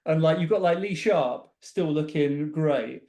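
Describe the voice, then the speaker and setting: A man in his forties hosts a podcast in easy casual chat, friendly and conversational. His voice sits a touch high for a man. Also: a little slow, mellow. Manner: friendly, chatty interviewer. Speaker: podcast host.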